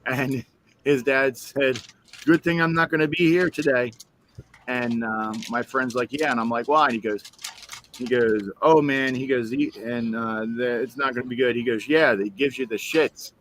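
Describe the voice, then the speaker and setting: A man chatting on a stream voice call, telling a lively anecdote and putting on voices for its people. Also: mid-range voice, moderate pace, a little hiss or hum. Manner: animated storyteller, voices the people in his anecdote. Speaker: stream guest. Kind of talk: casual chat.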